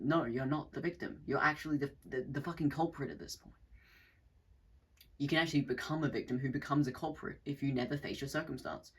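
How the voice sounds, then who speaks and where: A man in mid-pitch with a husky, slightly rough voice, working through a loose spoken monologue. He rambles and restarts his sentences, swears casually, and briefly mimics the people he is describing. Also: low-quality recording. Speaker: channel host.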